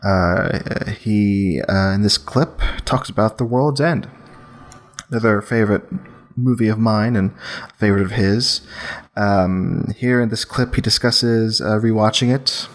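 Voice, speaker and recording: A man's voice: fairly low pitch, unhurried. A man hosting a podcast, chatting casually with enthusiasm and introducing clips, rambling with fillers. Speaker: podcast host.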